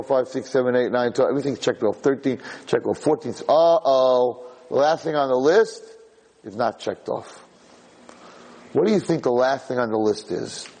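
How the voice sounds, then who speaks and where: A man giving a storytelling class as a rabbi to a live group, rambling with restarts and climbing to loud, high peaks. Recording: echoey hall.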